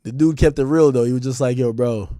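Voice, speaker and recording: A young man, live-streaming a casual, profane, animated rant to his chat and breaking into loud outbursts. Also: mid-range voice, quick pace, no echo, studio quality.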